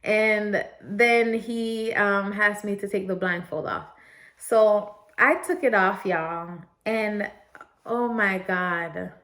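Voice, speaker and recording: A woman's voice: mid-range voice, takes it slowly, fairly bright tone. A young woman vlogger telling a story in a chatty, casual way, talking straight to her viewers and laughing often.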